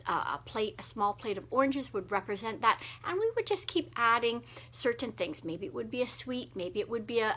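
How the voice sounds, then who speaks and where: A middle-aged woman hosting a casual live wellness video, talking gently with many fillers. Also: mid-range voice. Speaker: wellness host.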